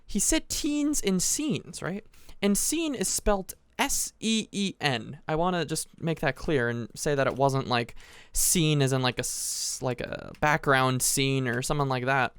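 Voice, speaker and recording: A teenage gaming channel host rambles through a long story as casual commentary over the game he's playing. He's animated yet unhurried, often restarting sentences and tossing in asides, with a fairly high, clear, resonant voice and no echo.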